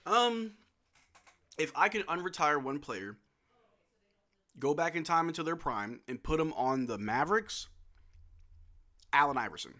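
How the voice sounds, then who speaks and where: Lively young man chatting on a stream. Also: on the high side. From Louisiana. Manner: chatty, answers chat questions with quick laughs. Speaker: livestream host. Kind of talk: casual livestream chat.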